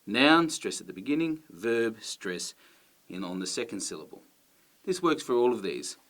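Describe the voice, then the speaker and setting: A man with an Australian accent explaining to camera as a teacher, stressing words clearly. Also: medium pitch, very animated, normal speed, fairly bright tone.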